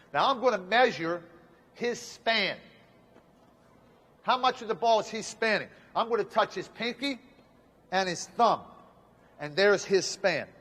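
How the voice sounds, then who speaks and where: A man's voice: sits high, a bit bright. A man coaching basketball players through a shooting demonstration, talking emphatically in short repeated commands on an indoor court. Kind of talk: instructional demonstration. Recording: long reverb of a gym.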